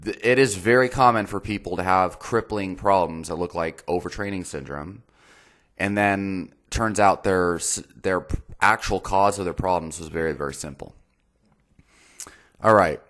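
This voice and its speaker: A man with a very low voice, talking casually as the host of a fitness and nutrition channel. He is blunt and openly exasperated, and he swears freely as he picks apart a viewer's message. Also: moderate pace, fairly bright tone.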